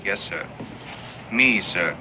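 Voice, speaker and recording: A dutiful army corporal. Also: male voice, low-pitched, takes it slowly. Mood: deferential. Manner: deferential to superiors, gruff with civilians. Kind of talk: 1960s television drama acting. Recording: dull old TV soundtrack with background noise.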